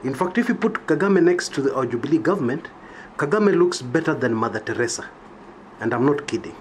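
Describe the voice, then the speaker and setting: A man's voice: fairly high pitch, animated, a little fast, a little hiss or hum. A Kenyan man giving an emphatic political monologue, checking in with his listeners with "yeah?" after his points. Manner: emphatic, rhetorical, keeps asking "yeah?". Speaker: political commentator. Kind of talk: opinionated monologue.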